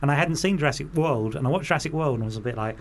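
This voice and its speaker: Man, bit high-pitched, relaxed storyteller, light hiss behind. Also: racing. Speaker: podcast co-host. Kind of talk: casual film chat.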